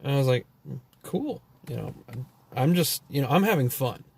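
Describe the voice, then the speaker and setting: Fast-talking and expressive, this man has a mid-range voice that's gravelly and darkish with a breathy edge. He's from Texas, speaks with a Texan accent, and rambles through profane, loose stories full of fillers and thoughts that trail off.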